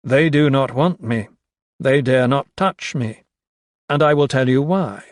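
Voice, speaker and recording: A man voicing a calm, defiant male occult investigator who answers in firm, steady words. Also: mid-range voice, no room sound, studio quality, close to an everyday voice.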